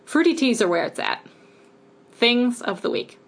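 A woman's voice: a little high, big pitch swings, normal speed, creaky. A woman co-hosting a podcast in casual, rambling chat, upbeat with lots of fillers. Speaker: podcast co-host.

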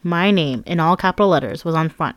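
A woman's voice: fairly low pitch, a little fast, no room sound. A woman narrating her own memoir with a candid, wry, conversational manner.

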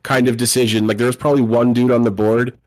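A man's voice: mid-range voice, flat delivery, quick pace, a little mellow, no room sound. A man co-hosting a casual podcast chat, rambling and swearing freely, now and then acting out mocking voices. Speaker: podcast co-host.

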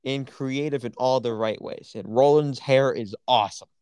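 A man's voice: medium pitch, normal speed, darkish tone, smooth, dry recording. Enthusiastic man on a podcast, very dry sound. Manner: enthusiastic, opinionated, lots of fillers. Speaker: podcast co-host. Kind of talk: casual chat.

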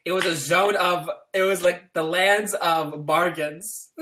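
Animated, laughing man on a podcast. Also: sits high, takes it slowly. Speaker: podcast guest. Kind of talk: casual chat.

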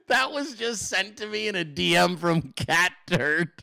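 Profane mocking male host, bright voice. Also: high-pitched, animated, slow, gravelly, dry recording. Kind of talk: political commentary show.

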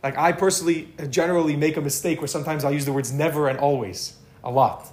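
A man's voice: on the high side, steady tone, quick pace, a little mellow. Casual man teaching a Talmud class. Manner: casual, repeats words for emphasis. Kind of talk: informal Talmud lesson.

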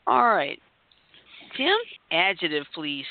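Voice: mid-range voice, very animated, takes it slowly, gravelly, no room sound. A host running a party word game on a podcast, chatty and giggly, calling on each player by name. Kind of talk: casual podcast game hosting. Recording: tinny phone-line audio.

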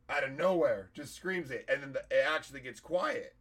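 A hoarse-voiced man, a comedian, telling a story in casual, profane podcast chat. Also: medium pitch, moderate pace, fairly bright tone.

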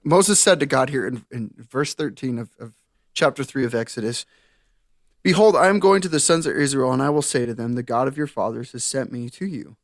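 A man's voice: mid-range voice, fairly quick, no room sound, clean studio sound. A man co-hosting a casual faith podcast, reading scripture aloud and retelling it with laughs and slang. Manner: animated, laughing, plays up the story with modern slang. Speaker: podcast co-host.

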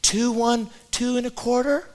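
A fretful mother calling her boy indoors, pleading in a lifted singsong voice, as a man puts her on while telling a story. She sounds soft and a little helpless, never quite firm. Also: extremely high pitch, fairly even intonation, measured pace, in a large hall, pitched above the performer's own voice.

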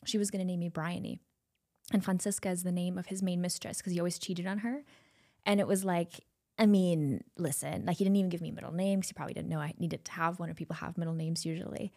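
A woman's voice: fairly low pitch, steady tone, fast, creaky, dark tone. Woman hosting a podcast. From Germany. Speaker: podcast host. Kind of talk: casual interview chat. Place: recording studio.

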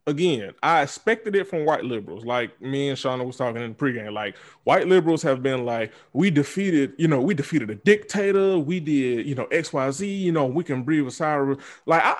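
A man hosting a podcast, speaking in a heated, profane, repetitive casual rant. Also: medium pitch. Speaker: podcast host. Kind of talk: casual chat.

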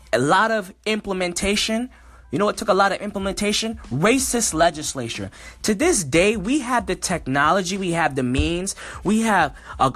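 This is a man delivering a passionate one-man commentary in a somewhat high voice. He reads short passages and then breaks off to argue with rising emotion. He circles back and repeats phrases to drive his points home. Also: a bit bright. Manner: emotional, worked-up, repeats himself. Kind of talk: impassioned solo commentary.

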